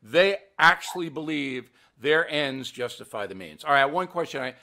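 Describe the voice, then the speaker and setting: A man's voice: fairly high pitch, animated, normal speed, sharp tone. An older man hosting a political commentary show, blunt and emphatic, mocking what he dismisses. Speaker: host.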